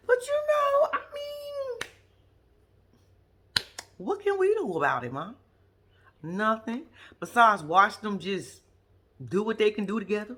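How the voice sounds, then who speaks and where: Sassy husky woman recapping a show. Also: takes it slowly, pauses often. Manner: blunt, sassy, profane running commentary; lively, swoops high for asides. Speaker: reality TV recap host. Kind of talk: casual commentary vlog.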